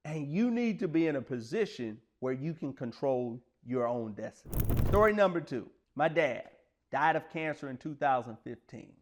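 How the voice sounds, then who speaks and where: A man's voice: on the high side, sing-song, normal speed, noisy background. Earnest man telling life stories. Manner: earnest, conversational, plain-spoken. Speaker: speaker sharing personal stories. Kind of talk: motivational storytelling monologue.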